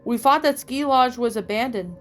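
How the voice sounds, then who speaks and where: A woman's voice: a little high, animated, normal speed, natural voice. A woman reading the part of a level-headed young man who reasons firmly with his friends, in a fan fiction reading. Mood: calm.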